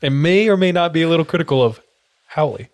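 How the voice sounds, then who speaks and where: A young man recounts a story as a podcast co-host, with animated delivery. He breaks into quick voices and sound effects for the people in it. The talk is loose and casual. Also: a little high, no echo. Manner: animated, acts out quotes with sound effects and laughs.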